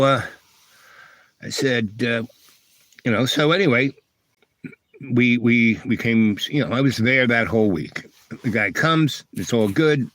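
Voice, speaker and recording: A man's voice: fairly low pitch, fairly bright tone, no echo. An older man hosting a livestream, telling a meandering personal story with many restarts and fillers. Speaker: livestream host. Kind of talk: rambling storytelling.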